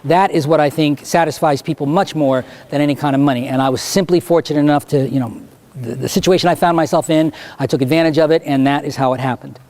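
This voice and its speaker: High-voiced male stage hypnotist. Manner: animated stage speaker, slow deliberate hypnotic suggestions. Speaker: hypnotist and speaker. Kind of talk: Q&A talk and hypnotic induction to students. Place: high school auditorium.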